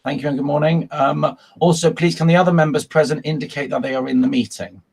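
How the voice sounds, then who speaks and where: A man's voice: a little high, steady tone, fast, gravelly, slightly rough. A man chairing a formal council meeting over a video call, working through procedure with frequent ums and uhs.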